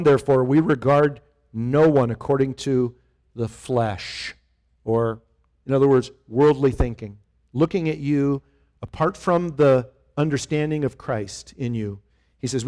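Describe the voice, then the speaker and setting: A middle-aged male pastor preaching a conversational sermon, often asking his listeners questions. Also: mid-range voice. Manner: animated, conversational, asks the congregation questions.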